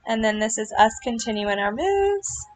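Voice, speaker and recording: A woman giving casual reaction commentary on a video, gushing and earnest, with lots of fillers and quick apologies. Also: on the high side, big pitch swings, faint music behind. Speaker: vlogger reacting to her club's riding routine.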